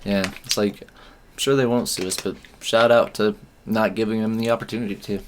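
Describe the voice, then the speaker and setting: Low-voiced man chatting casually about wrestling. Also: moderate pace, a little hiss or hum. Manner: excitable, swears casually, jokey. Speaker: podcast co-host.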